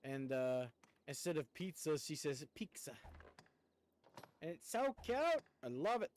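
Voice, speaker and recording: A man's voice: on the high side, very animated, moderate pace, a little mellow, slight background noise. Rambling guy streaming games, chatty, voice goes up and down a lot. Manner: rambling and chatty, laughs often. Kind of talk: casual chat while gaming.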